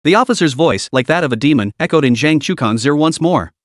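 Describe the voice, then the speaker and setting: A man reading a story aloud as narrator in an even, steady storytelling manner. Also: on the high side, quick pace, no room sound, clean studio sound. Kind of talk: scripted audiobook narration.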